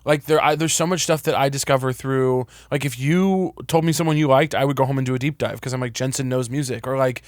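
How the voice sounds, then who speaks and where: An animated young man from Missouri tells stories in a relaxed podcast chat, laughing often and swearing here and there. The close mic is dry, with no room sound. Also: mid-range voice, quick pace, hardly any pauses, no echo. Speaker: podcast host. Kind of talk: casual chat.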